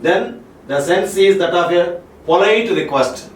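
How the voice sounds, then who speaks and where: A man with an Indian English accent giving a classroom lecture on spoken English, repeating each point and checking with "Okay?" and "Clear?". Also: high-pitched, a little slow, a little hiss or hum. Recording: roomy echo, mic far off, faint ambience.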